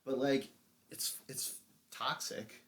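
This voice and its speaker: A man's voice: mid-range voice, little pitch movement, takes it slowly, fairly bright tone. A young man co-hosting a podcast, animatedly retelling a reality show episode, acting out the lines and laughing often. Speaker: podcast co-host. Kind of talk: casual recap chat.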